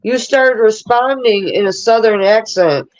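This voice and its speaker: A woman's voice: fairly high pitch, a little slow, darkish tone. A woman in a heated livestream argument, pressing accusations bluntly and swearing. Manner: confrontational, swearing, repeating accusations. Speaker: livestream participant. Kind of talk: heated group chat. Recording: muffled lo-fi audio.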